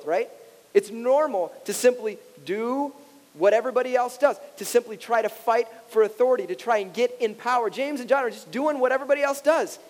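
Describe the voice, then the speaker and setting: A man in his thirties preaches with a high, light voice, chatting to his congregation more than lecturing and slipping into quoted voices with a laugh. His words ring out with a long reverb, as in a large church hall. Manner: casual and conversational, acts out quoted voices, laughs often. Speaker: pastor. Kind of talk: sermon.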